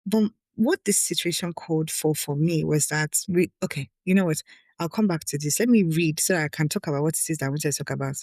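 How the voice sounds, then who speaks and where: A woman's voice: low voice, brisk, a little mellow, no room sound. A woman reads her own essay in a close, dry recording with little room sound. She is candid and emotional, and she often breaks off to speak straight to her listeners. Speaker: podcast host. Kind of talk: reading her own article with personal asides.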